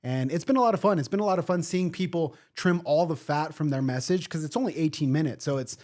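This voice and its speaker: A man with a fairly high speaking voice talks as a guest in a casual podcast interview. He drives his points home with emphasis and often repeats a word for weight. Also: fast talker, darkish tone. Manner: emphatic, repeats key words. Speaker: guest, event organizer.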